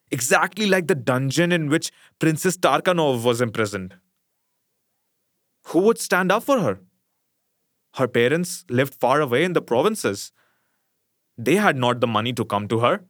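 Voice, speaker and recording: Measured male audiobook reader. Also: on the high side, sing-song, a bit bright, no echo, clean studio sound. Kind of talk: audiobook narration of a classic story.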